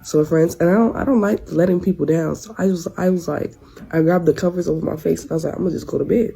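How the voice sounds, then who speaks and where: A woman's voice: fairly low pitch, fairly even intonation, quick pace, gravelly, dark tone, slightly rough, poor audio. A young woman in her twenties telling a rambling story in casual slang, restarting her sentences often. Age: 20s. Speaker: storyteller in a clip.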